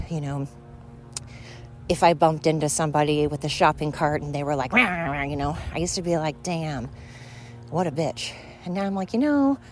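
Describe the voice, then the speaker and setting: A woman's voice: sits low, darkish tone, rough recording. Breathless woman podcasting outdoors on a walk. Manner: rambling, chatty, many fillers and asides. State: panting, out of breath from walking. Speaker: podcast host. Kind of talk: casual solo podcast monologue while walking dogs. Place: outdoors in a neighborhood. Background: leaf blower and street noise.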